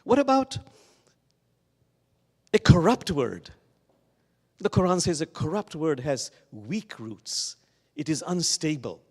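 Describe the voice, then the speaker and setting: Guest-preaching at a Sunday service, a man tells stories in a fairly high, sing-song voice that reverberates through a large church sanctuary. He draws out key words with slow, lingering emphasis.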